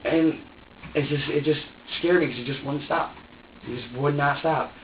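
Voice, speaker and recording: A man with a voice on the high side and a steady tone talks at a moderate pace under police interrogation, rambling through events to detectives, repeating himself and acting out his own words. A far room camera captures him from a distance, so the recording is echoey and dull, with slight background noise.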